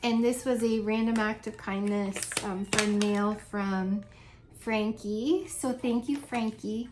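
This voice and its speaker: A woman's voice: medium pitch, fairly even intonation, takes it slowly, background noise. A woman vlogging from home in a casual, chatty, rambling way, laughing often as she talks. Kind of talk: casual chat.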